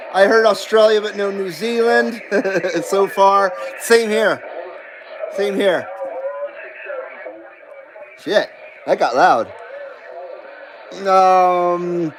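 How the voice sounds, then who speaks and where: A man's voice: high voice, slight background noise, poor audio. A man hosting a CB radio livestream, reading chat messages aloud in a rambling, self-deprecating way and laughing often. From western United States.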